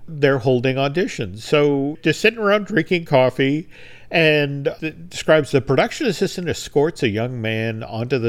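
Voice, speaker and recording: This is a man at a typical middle pitch, co-hosting a podcast. He talks in a relaxed, conversational way as he recounts a long anecdote, slipping into brief acted-out lines whenever he quotes someone. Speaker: podcast co-host. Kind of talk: casual storytelling chat.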